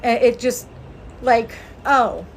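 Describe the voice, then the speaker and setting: A woman's voice: fairly high pitch, slow pace, a little hiss or hum. A woman who works as a spirit medium, chatting earnestly on a casual outdoor livestream and thanking viewers by name.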